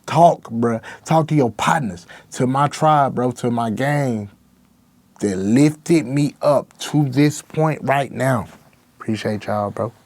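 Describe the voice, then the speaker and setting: A man's voice: mid-range voice, slow pace, darkish tone, dry recording. A young man, a rapper guest, talking candidly and emotionally in slang-heavy speech. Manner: raw, emotional, slangy with constant "bro". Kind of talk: candid interview talk.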